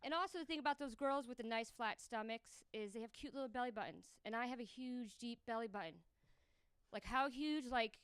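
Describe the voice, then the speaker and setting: A woman's voice: fairly high pitch, a bit bright, clear, resonant tone, no room sound. A young woman doing a crude, brash stand-up comedy set on stage before a live audience. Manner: crude, brash punchlines with big vocal jumps.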